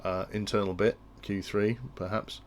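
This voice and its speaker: A man's voice: fairly low pitch, fairly even intonation, moderate pace, slight background noise. A man explaining industrial control logic in a tutorial, thinking aloud and often restarting his sentences. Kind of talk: technical tutorial walkthrough.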